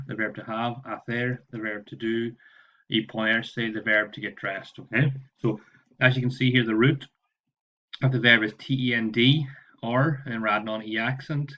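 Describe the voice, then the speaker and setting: A man's voice: medium pitch, sharp tone, dull audio. A man teaching Spanish, walking his class through homework and patiently spelling out verb endings letter by letter. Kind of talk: online homework walkthrough.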